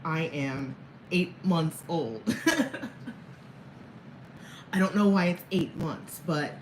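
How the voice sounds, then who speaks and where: A woman's voice: low voice, slow pace, a little hiss or hum. A woman in her thirties rambling candidly to camera in a casual personal vlog, chuckling between thoughts. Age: 30s. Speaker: vlogger. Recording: echoey room, faint background ambience.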